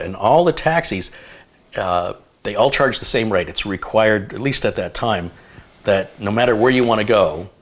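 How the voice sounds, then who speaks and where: A man from the United States hosting a live tech stream, chatting casually and telling long rambling stories. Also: on the low side. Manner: rambling anecdotal storyteller.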